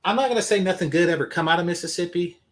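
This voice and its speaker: A man's voice: sits high, very fast, fairly bright tone. A man hosting a reaction commentary, blunt, profane and scornful as he reads comments. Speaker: commentary channel host.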